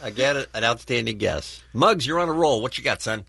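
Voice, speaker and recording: A man's voice: mid-range voice, animated, fairly quick, creaky, noisy background. A man hosting a morning radio show, running a guessing game with wry patter.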